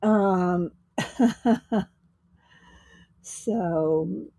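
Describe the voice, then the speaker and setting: A woman's voice: lowish voice, steady tone, creaky, dark tone. A woman hosting a casual livestream, greeting viewers by name and chatting in a rambling way. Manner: slow, rambling, with fillers and small laughs. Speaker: livestream host.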